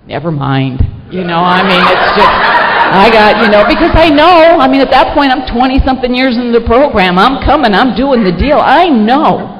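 Animated woman telling a story in an echoey hall. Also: on the high side, normal speed. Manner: animated, self-mocking storytelling with frequent fillers. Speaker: speaker sharing at a recovery meeting. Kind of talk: personal story told to an audience. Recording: echoey hall, dull lo-fi sound, faint noise.

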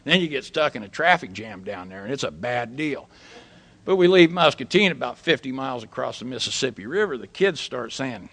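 A middle-aged man tells stories from his own life to a recovery meeting. His voice is gravelly with a bright, forceful edge. He talks in a folksy, profane way, tagging his lines with a quick "right?". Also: medium pitch, expressive. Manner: folksy, swears freely, tags lines with "right?". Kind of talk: personal storytelling talk.

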